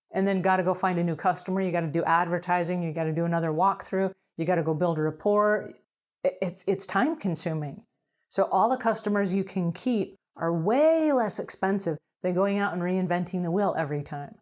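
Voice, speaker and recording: A woman giving emphatic, direct advice to house cleaners as a business coach in an advice talk. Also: on the low side.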